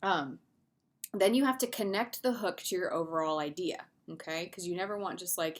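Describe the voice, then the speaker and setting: A woman's voice: on the low side, expressive, normal speed. Casual woman teaching a lesson. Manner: conversational, with fillers and asides. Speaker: English teacher. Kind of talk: recorded video lesson.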